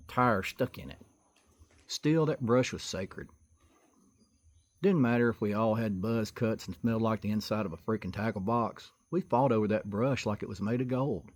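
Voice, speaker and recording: A man telling comic childhood stories in a folksy, exaggerated way. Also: on the low side. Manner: folksy, exaggerated, building to excited outbursts. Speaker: storyteller comedian. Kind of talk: comic storytelling monologue.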